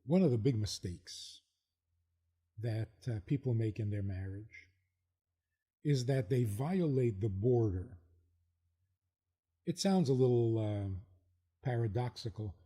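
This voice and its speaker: A rabbi giving a storytelling lecture at a slow, deliberate pace. His mid-pitched man's voice has a husky edge, and he draws out key words for emphasis. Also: expressive, mellow.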